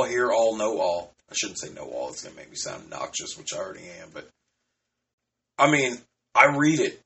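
A man's voice: medium pitch, fairly bright tone. Rambling man in his thirties. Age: 30s. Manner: rambling, loose and profane, with frequent restarts. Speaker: podcast host. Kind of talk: casual solo podcast rambling.

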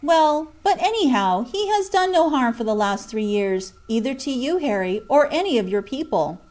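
A woman doing a merry young miner, high and bouncy. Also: moderate pace. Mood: jovial. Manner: lively, coaxing, exclamatory. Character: cheerful young male miner, jovial and teasing. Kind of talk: audiobook character voice.

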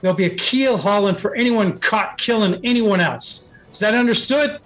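A woman's voice: medium pitch, normal speed, natural voice. Haughty dwarf ship captain, female, barks curt orders, voiced by a man. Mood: commanding. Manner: imperious, clipped and commanding.

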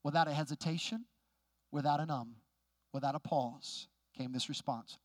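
High-voiced preacher man, candid and direct. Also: normal speed, dry recording. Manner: candid, conversational, asks the crowd questions; rises loud and high for emphasis, drops low and quiet when telling the story. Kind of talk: sermon with a personal story.

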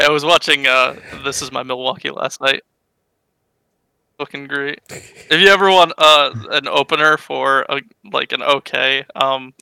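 A man with a Mid-Atlantic American accent telling a story in casual chat, halting, with many fillers. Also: medium pitch, gravelly, sharp tone, clear, resonant tone, dry recording, poor audio. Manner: hesitant, filler-heavy storytelling.

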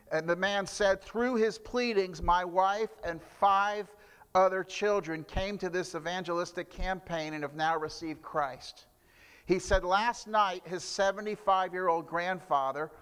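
Man, pastor, sermon, storytelling, halting restarts, long hall reverb. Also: sits high, a bit bright, clean tone. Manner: storytelling with repeated restarts and fillers.

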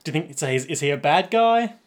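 Dry, teasing man, a bit high. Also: animated, quick pace. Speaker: podcast co-host. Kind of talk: casual chat.

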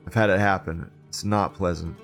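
A man hosting an online show, reading forum posts aloud and reacting with heavy swearing and sarcasm, moving between loud mockery and low muttering. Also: fairly even intonation, moderate pace, creaky, soft background music. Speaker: livestream show host.

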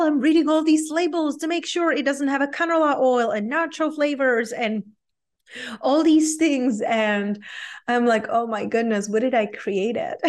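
A woman with a Czech accent hosting her own podcast as a business coach, talking in an upbeat, earnest, motivational way. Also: on the high side. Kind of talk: solo podcast talk.

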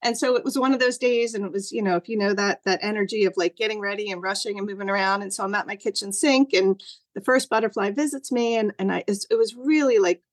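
Over a video call, a middle-aged woman appearing as a guest tells a personal story. She talks fast, loose and animated, and her voice jumps higher when she acts out something she once said. The sound is dry and close, with no room echo.

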